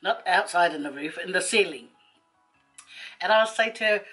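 A woman, a vlogger telling a rambling personal story to camera, chatty and quick to laugh. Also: lowish voice, pushed and bright, faint music behind, poor audio.

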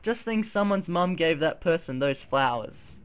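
A young man hosting his gaming channel, swearing, yelping and shouting through excitable gameplay commentary. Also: fairly high pitch, moderate pace, clear, resonant tone. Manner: swears a lot, yelps and shouts.

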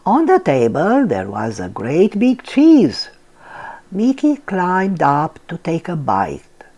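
An older woman reads a picture book aloud to little ones, slow and gentle. Her voice is on the low side and swings widely up and down to bring the story alive. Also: wildly swooping pitch, dull audio. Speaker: storyteller, channel host. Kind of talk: children's read-aloud storytelling.

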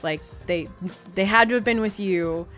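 A woman's voice: mid-range voice, moderate pace, fairly bright tone, soft background music. A woman co-hosting a game playthrough, rambling and gushing in casual chat with the odd swear word. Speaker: co-host of a gaming channel. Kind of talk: casual let's play chat.

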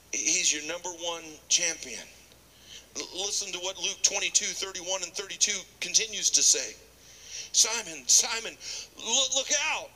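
A man preaching a sermon, animated, acting out scripture dialogue and dropping to a whisper at times. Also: fairly high pitch, poor audio.

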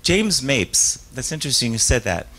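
At a live author talk, a man who works as a stage hypnotist takes audience questions in a medium-pitched, sing-song, slightly bright voice at normal speed. He rambles, interrupts and restarts his sentences, laughs often, and acts out voices in his stories. The recording quality is rough.

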